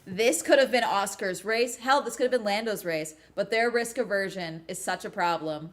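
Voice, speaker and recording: A woman streams a live watch-along in a mid-pitched voice, talking casually to her viewers. She is chatty and excitable, cheering loudly at big moments and swearing freely. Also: normal speed.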